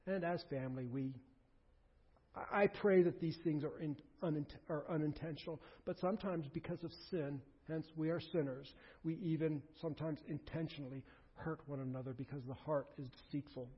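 Man, pastor, sermon, earnest pleading delivery, husky voice, muffled recording. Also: on the high side, steady tone, fairly quick. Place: church sanctuary. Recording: muffled sound with a long hall echo.

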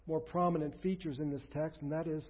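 A man preaching a sermon as pastor, earnest, often dropping to a soft low voice. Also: steady tone, a little fast, lo-fi sound.

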